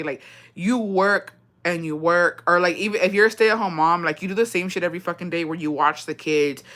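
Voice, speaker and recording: A young woman telling a story in casual chat, swearing freely and slipping into phrases. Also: on the low side. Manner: profane, expressive, mixes in Spanish phrases. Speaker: streamer.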